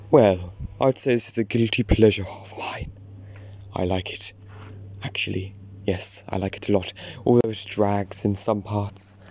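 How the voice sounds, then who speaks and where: Hoarse, somewhat low-voiced man, polite formal listener message. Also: a little mellow. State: hoarse from illness. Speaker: listener sending an audio clip. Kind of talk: recorded voice message review.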